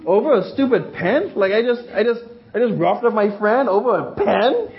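A man's voice: high-pitched, expressive, moderate pace. A young man teaching a class, rambling, repeating words and asking the room questions, in a slightly muffled recording. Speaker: youth teacher. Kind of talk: interactive class talk.

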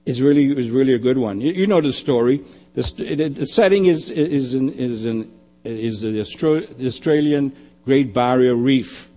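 An older male pastor preaching a sermon, building emphatically on repeated phrases and then dropping to quiet asides. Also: moderate pace. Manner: emphatic preaching, swelling louder and higher on key phrases.

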